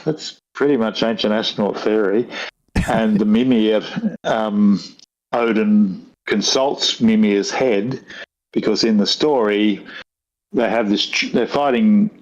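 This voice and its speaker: A man's voice: lowish voice, highs cut off. An older man from Australia with a broad rural Australian accent, telling rambling stories with dry humour in a casual chat. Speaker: guest.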